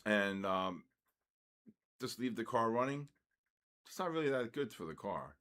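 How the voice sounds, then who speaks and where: Older New trader hosting a live session, rambles and rants between market calls. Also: male voice, lowish voice, animated, unhurried, a bit bright. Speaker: trading session host. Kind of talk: casual live trading commentary.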